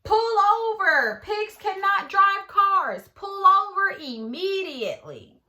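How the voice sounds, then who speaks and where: A woman voicing a pompous, loud male police officer who talks formally. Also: sits high, big pitch swings, normal speed, voice pushed up, full character voice. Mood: shouting. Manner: pompous, asks and answers himself. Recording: echoey room.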